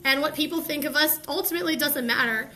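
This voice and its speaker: A woman's voice: sits high, fast, pushed and bright. A young woman hosting a live stream, giving a candid, heartfelt motivational talk with slangy asides.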